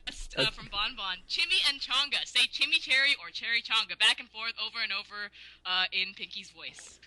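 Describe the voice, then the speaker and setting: A woman's voice: on the high side, a little fast, pushed and bright, low-quality recording. A woman co-hosting a casual podcast, teasing and laughing a lot. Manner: giggly, teasing. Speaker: podcast co-host. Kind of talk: casual chat.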